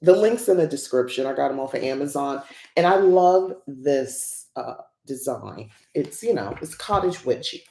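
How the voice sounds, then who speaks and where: A woman's voice: very deep voice, expressive, normal speed, creaky, few pauses, warm tone. Rambling woman host in an echoey room. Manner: rambling, chatty, laughs often. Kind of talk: casual unboxing chat.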